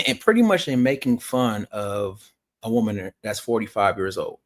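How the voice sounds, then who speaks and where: A man hosting a reaction video, lecturing the viewer emphatically and repeating his points. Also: mid-range voice. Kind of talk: reaction commentary.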